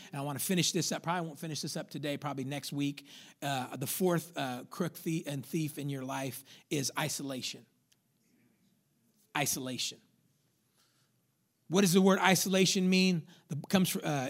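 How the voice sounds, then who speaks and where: Pastor guy preaching, high voice, punchy and repeats himself for emphasis. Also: a bit bright. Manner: emphatic preaching, repeats lines for stress, acts out inner voices. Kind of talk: sermon.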